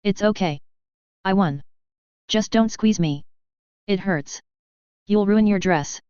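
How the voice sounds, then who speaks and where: A woman's voice: medium pitch, slow pace, a little mellow, clean tone, no room sound, highs cut off, natural voice. A woman voicing a brash young male fighter who talks in an offhand, defiant way in an audiobook. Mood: casual.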